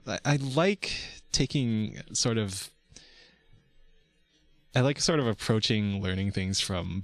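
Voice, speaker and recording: Swearing and laughing between words, a vtuber rambles through a casual chat about voice technique with frequent restarts. His pitch sits fairly low, and there's no echo.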